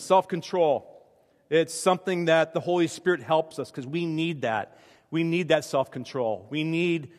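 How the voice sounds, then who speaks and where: A man's voice: a little high, big-room sound. A man preaching a conversational sermon, telling personal stories in a chatty, self-deprecating way with frequent restarts.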